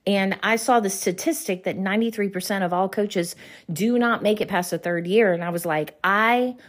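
A middle-aged woman, a Christian business coach, giving an earnest faith-based motivational talk with slow, emphatic questions. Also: medium pitch.

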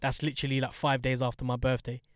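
A man's voice: medium pitch, fast talker, no echo, clean studio sound. A young man with a London accent, chatting casually with slang and swearing. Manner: slangy, animated, swears freely. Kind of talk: casual chat.

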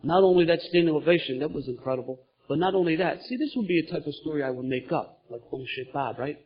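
A middle-aged man telling his recovery story at a meeting, lively and laughing as he goes. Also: fairly high pitch, fast, slightly rough. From Philadelphia, USA. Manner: animated storytelling, gets loud and laughing at funny parts. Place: meeting room in front of an audience. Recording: dull lo-fi meeting recording.

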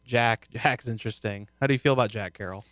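A man chatting casually about a TV show as co-host, rambling and restarting, often trailing off quietly. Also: mid-range voice, fast talker. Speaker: podcast co-host.

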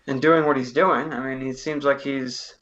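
A man's voice: medium pitch, steady tone, moderate pace, a bit bright, muffled recording. A man co-hosting a podcast in casual chat, laid-back, making short remarks and asking questions. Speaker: podcast co-host.

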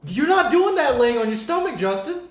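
A man co-hosting a casual podcast, teasing his friends with animated bursts and laughter. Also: very high-pitched, brisk, a loud crowd. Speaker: podcast co-host. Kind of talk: casual chat. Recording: echoey room.

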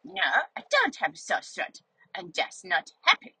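Brief: a sulky, grumpy lady dog complaining over the fence, pitched a bit higher, voiced by a woman. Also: huge pitch swings, normal speed, bright, forceful tone, husky, full character voice, rough recording.

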